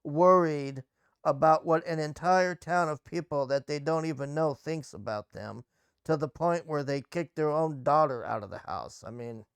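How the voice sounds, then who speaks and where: A man's voice: a little high, normal speed, smooth, no echo. A man casually recapping and reviewing a TV episode, blunt and sarcastic, swearing freely.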